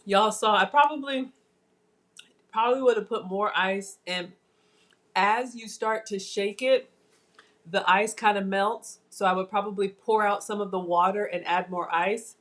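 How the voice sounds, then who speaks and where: On a live cooking stream, a woman with a mid-range, slightly bright voice chats casually with her viewers as she tastes the food. She talks a little slowly, calls everyone "y'all," and really savors each bite like the cooking vlogger she is.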